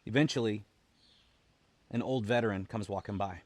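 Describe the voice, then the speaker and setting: A man, a military veteran, telling a personal story in an earnest, halting way, often repeating words as he restarts. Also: lowish voice. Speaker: military veteran, founder of a veterans' support group.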